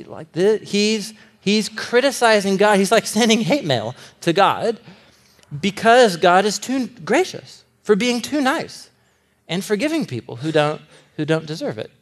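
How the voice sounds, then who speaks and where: A man delivers a lively sermon to a room full of listeners, with a voice pitched a bit above the usual. He is animated and laughs often. He acts out the characters' lines as he goes. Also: normal speed. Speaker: pastor.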